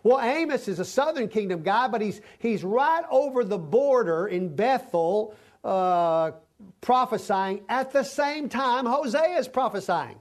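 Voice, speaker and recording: A man's voice: very high voice, animated, a little slow. A man teaching a Bible study lecture in a conversational way, often restarting his sentences.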